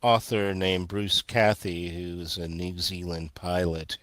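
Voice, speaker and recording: A very deep-voiced man talks through his ideas in a measured, explanatory way and sometimes stops to restart a thought. The sound is dry and close, with no room in it. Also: flat delivery, fairly bright tone, dry recording. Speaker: guest, earth energy researcher. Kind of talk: casual interview talk.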